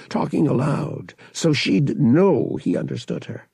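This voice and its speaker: A man reading an audiobook in steady, measured narration. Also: mid-range voice, vocal fry, husky, dry recording.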